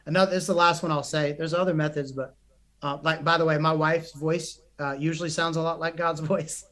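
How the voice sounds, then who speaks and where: A man's voice: fairly high pitch, a little fast. A young man, a psychotherapist and coach, telling stories in a podcast interview with earnest energy and frequent restarts. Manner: animated, earnest, many restarts.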